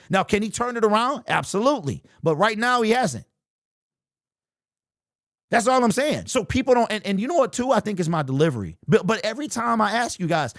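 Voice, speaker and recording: In studio-quality audio with no echo, a high-voiced man hosting a sports livestream goes through viewer super chats. He responds in an animated, argumentative way, hammering the same points over and over.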